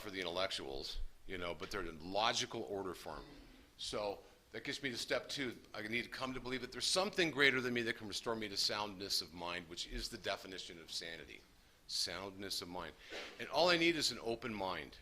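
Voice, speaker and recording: A man's voice: fairly low pitch, pushed and bright. A man speaking earnestly to a recovery meeting, sharing his story in an emphatic, folksy way. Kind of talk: personal recovery talk to a group.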